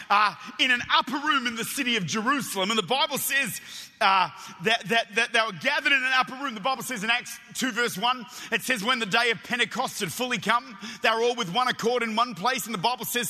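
A man from Australia with an Australian accent, preaching a lively sermon in a church, telling stories with excited stammered restarts. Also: extremely high pitch, big-room sound. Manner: energetic, animated storytelling with stammered restarts.

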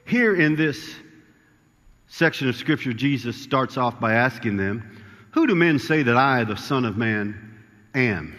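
A man's voice: medium pitch, a bit bright. Preaching man in an echoing hall. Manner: reads scripture aloud, then preaches with rising emphasis. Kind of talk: sermon.

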